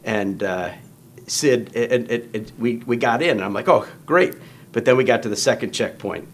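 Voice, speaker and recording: A man's voice: mid-range voice, normal speed. A man telling a long story in casual conversation, acting out quoted lines in raised voices. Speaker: guest storyteller.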